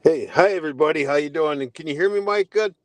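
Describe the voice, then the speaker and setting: A man's voice: on the high side, fast, no room sound. A man joining a livestream as a guest, talking in a laid-back, easygoing way. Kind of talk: casual chat.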